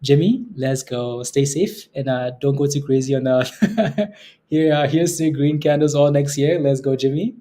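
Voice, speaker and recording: A man from Canada hosting a day trading livestream, casually reading out viewer comments, relaxed and given to repeating himself and laughing. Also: medium pitch, a little slow.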